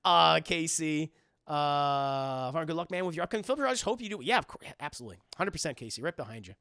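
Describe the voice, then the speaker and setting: A man's voice: on the high side, smooth, no echo, clean studio sound. A man hosting a livestream, chatting casually with his viewers and swearing freely as he goes. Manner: animated, swears freely, quick asides to chat. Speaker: livestream host.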